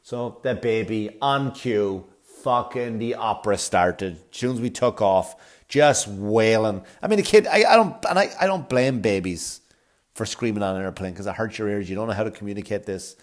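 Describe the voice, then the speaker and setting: A man, a comedy podcast host from Ireland, telling a sarcastic, profane travel story with animated delivery. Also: lowish voice, moderate pace. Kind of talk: comic storytelling.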